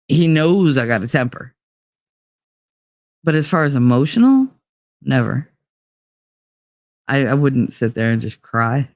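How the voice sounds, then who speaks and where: A woman's voice: sits low, no room sound. Woman host, middle-aged, candid and foul-mouthed, dry close sound. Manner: blunt, swears freely, wry self-mocking humor. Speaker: podcast host. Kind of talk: casual personal chat.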